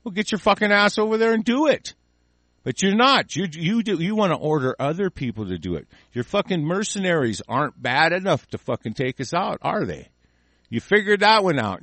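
A man's voice: a little high, gravelly, a bit bright, no echo. A man hosting a call-in show, delivering an angry, profane political rant in heated bursts.

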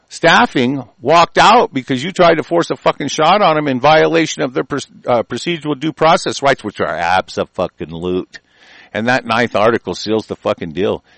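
A radio host rants with raw anger, swearing constantly and raising his voice into heated outbursts. His voice sits a bit high for a man. The sound is dry and close, with no room around it. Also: dry recording. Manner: angry, cursing, loud and heated. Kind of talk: profane talk-radio rant.

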